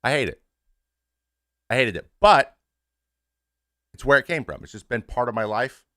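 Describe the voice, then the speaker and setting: This show host, a former pitcher in his thirties, talks candidly and casually to his stream audience, swearing freely and restarting his sentences often. His plain, mid-pitched voice swings widely in pitch at a moderate pace with a fairly bright tone. The recording is dry and close, with no echo or room sound.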